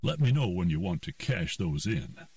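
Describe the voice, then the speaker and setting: A man's voice: deep voice, very animated, moderate pace, darkish tone, no room sound, clean studio sound, distant mic, full character voice. A man voicing a friendly, hospitable male saloon owner.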